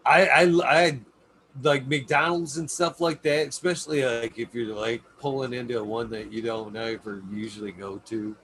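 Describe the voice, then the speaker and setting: A man hosts a relaxed talk show, his stories loose and peppered with swearing and laughter. His pitch sits in an ordinary middle range. A faint hiss of background noise runs under his voice. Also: moderate pace. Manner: loose, profane, laughing storyteller. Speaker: podcast host. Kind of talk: casual chat.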